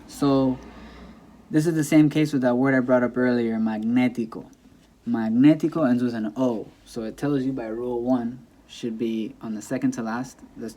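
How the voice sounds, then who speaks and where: A man's voice: medium pitch, mellow, slight background noise. Patient man teaching a language lesson. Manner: patient, repetitive, demonstrates pronunciation by saying words aloud. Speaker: Spanish teacher. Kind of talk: classroom-style lesson explaining grammar.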